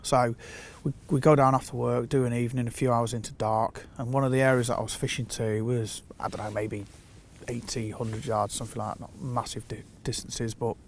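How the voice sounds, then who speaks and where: A man telling a fishing anecdote in a casual, animated way, acting out the quotes. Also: mid-range voice. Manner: animated storyteller who acts out quotes. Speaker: fishing consultant.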